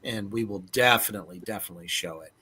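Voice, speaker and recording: A man hosting a comedy podcast, chatting casually in an animated, profane way and laughing often. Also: on the low side, fast, husky. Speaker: podcast host.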